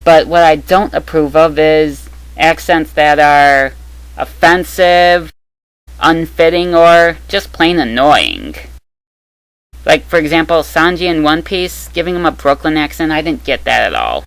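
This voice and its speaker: Gravelly-voiced young opinionated reviewer. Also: mid-range voice, very animated, a little slow, no room sound, poor audio. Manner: opinionated, with sarcastic asides. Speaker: anime dub reviewer. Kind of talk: scripted opinion commentary.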